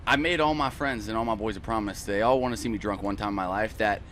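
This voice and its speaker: Bright-voiced man telling a rowdy story. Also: lowish voice, fast, slight background noise. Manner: animated, profane storytelling. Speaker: guest musician. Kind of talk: casual podcast chat. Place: outdoor festival podcast setup.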